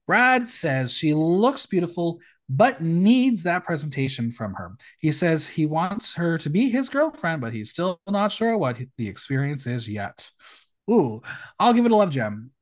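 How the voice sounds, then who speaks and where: A man's voice: fairly high pitch, very animated, unhurried. A man hosting a podcast, recapping a show in casual chat and reading out judges' comments with emphatic, campy delivery. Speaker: podcast host.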